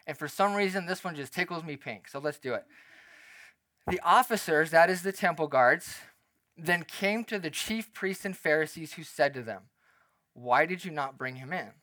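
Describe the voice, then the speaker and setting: A man preaching a sermon as a pastor, speaking in a conversational, animated way and acting out the quotes he tells. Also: a little high, moderate pace, no echo.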